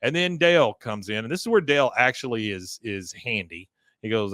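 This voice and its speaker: A man hosts a podcast and casually recaps a cartoon episode in a middle-pitched voice, pausing on fillers as he walks through each scene. The recording is dry and close, with almost no room sound. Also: bright, forceful tone, no room sound. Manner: retells scenes, quoting characters, with many "uh" fillers. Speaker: podcast host.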